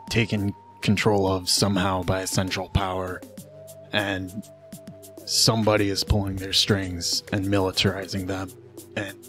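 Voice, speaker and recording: A man voicing a steady human male defense force agent who talks in a hushed, reassuring way. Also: deep voice.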